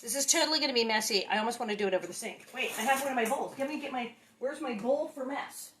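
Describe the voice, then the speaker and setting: A woman's voice: a little high, fast, very noisy. A woman hosting a casual home cooking demo in her kitchen, chatty and playful, exclaiming often. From Los Angeles. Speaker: cooking show host.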